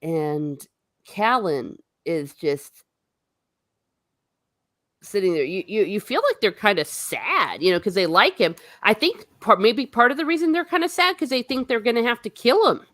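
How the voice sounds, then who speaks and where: A woman's voice: mid-range voice, big pitch swings, moderate pace, fairly bright tone, dry recording. A woman hosting a casual book discussion, rambling with frequent fillers and laughing often. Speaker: host of a book discussion show. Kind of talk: casual chat.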